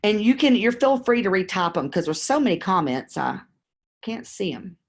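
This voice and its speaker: A woman's voice: medium pitch, big pitch swings, normal speed. Candid woman coaching on a live stream. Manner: candid, conversational, acts out phone scripts. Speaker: real estate investing coach.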